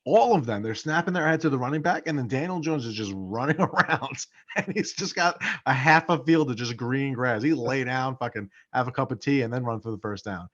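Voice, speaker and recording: A man's voice: mid-range voice, brisk, a bit bright, highs cut off. A man co-hosting a casual sports podcast, swearing freely and repeating points for emphasis. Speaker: podcast co-host.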